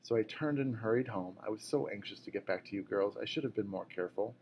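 A man reading aloud as an injured, tired mother who speaks softly to her daughter. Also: on the low side, fast, vocal fry, dull audio, a little hiss or hum. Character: injured, tired but brave mother, gentle. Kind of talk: audiobook reading.

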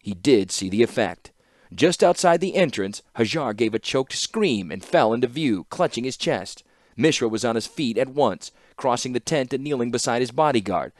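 A man reading a fantasy story aloud as an audiobook narrator, with steady, measured narration. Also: medium pitch, no echo, clean studio sound.

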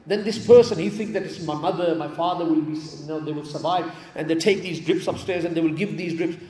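A man's voice: on the high side, fairly quick, dark tone. A man from England giving a storytelling sermon in a mosque hall, repeating key phrases for emphasis. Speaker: preacher. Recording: echoey hall with long reverb.

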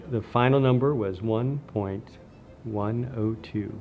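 A man, a lab scientist, recounting events in a documentary interview in a measured, reflective way. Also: on the low side, muffled recording, soft background music.

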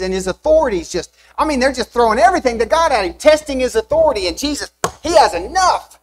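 Animated young preacher man, emphatic. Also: very high voice, moderate pace, a little hiss or hum, poor audio. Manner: animated, rising emphatic delivery with rhetorical questions. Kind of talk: sermon. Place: church sanctuary.

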